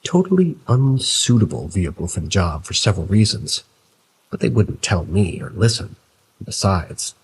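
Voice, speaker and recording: A man reading a scary story aloud in the first person, telling it in a measured way. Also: deep voice, a little hiss or hum, low-quality recording. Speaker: narrator. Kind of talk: scripted horror story narration.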